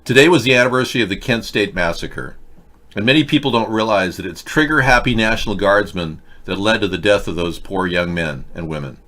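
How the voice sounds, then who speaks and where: A man hosts a sarcastic political talk show in a lowish voice. He mocks and rants, jumping from bit to bit with a scornful edge. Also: lively intonation, a little fast, a bit bright. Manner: mocking, sarcastic, jumps between bits and rants. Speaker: host.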